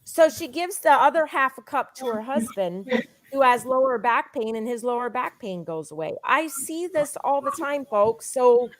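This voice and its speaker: Eager, higher-voiced woman selling. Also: lively intonation, no room sound. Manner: eager, insistent, fast storytelling. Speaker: guest, product promoter. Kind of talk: sales pitch with personal testimony.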